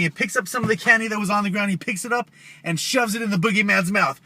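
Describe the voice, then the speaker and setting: Chatty young man, bright and dry. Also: high voice, fast talker, no room sound. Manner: loose, chatty with slang asides. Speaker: YouTuber. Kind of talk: casual storytelling.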